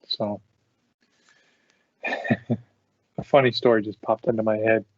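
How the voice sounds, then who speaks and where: A man's voice: lowish voice, flat delivery, slow pace, no echo. A man hosting a podcast, telling work stories casually and often breaking into laughter. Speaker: podcast host. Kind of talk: casual storytelling. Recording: dull dry lo-fi sound.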